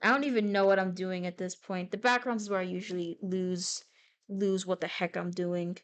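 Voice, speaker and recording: A young adult woman chatting casually on a live stream while she draws, playful and rambling, with sudden bursts of excitement. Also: on the low side, normal speed.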